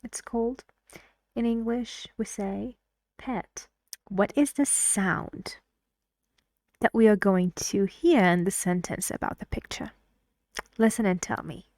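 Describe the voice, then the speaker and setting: A woman's voice: mid-range voice, fairly even intonation, takes it slowly, long pauses, a little mellow, no room sound. A woman teaching English pronunciation, patiently drilling words and repeating them for emphasis. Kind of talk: language lesson.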